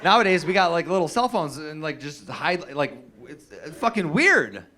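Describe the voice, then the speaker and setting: A young man on stage doing stand-up, his voice bright and cutting as he rambles through crude stories. His pitch swings widely, leaping up and dropping down between punchlines, and he stumbles over restarts and fillers as he goes. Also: sing-song, normal speed. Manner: loose, profane storytelling with many fillers and restarts. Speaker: stand-up comedian. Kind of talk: stand-up comedy set. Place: comedy stage with a live audience.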